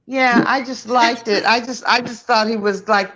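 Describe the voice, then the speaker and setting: A woman co-hosting a casual chat tells stories with animation and laughs often. Her voice is a little high and moves at a moderate pace.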